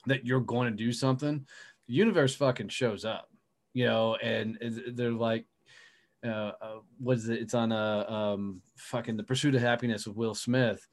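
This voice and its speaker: A man's voice: mid-range voice, steady tone, normal speed. A man hosting a podcast, chatting casually with a guest, swearing freely and rambling through his thoughts. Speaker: podcast host. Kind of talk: casual interview chat.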